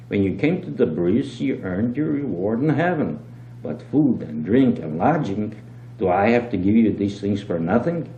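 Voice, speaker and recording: A man reading aloud and voicing a shrewd, calm innkeeper who talks with wheedling mock innocence. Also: lowish voice. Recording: dull, roomy old home tape with hum.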